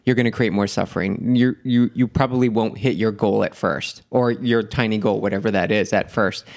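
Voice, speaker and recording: A man's voice: fairly low pitch, steady tone, fairly quick, creaky, a little mellow. A man who is a guest on a podcast, telling his story in an earnest, reflective way during a casual conversation.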